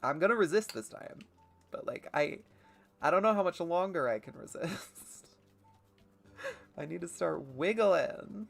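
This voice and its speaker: Low-voiced woman rambling over gameplay. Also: animated, unhurried, gravelly, long pauses. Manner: rambling, self-deprecating, swears casually. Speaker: let's play streamer. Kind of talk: casual gameplay commentary.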